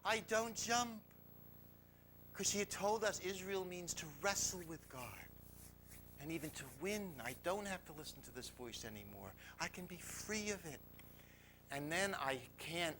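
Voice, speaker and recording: Confessional male storyteller, hushed to loud. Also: a little high, animated, normal speed, a little hiss or hum, low-quality recording. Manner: confessional, swings from hushed to loud, laughs often. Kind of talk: personal storytelling to a live audience.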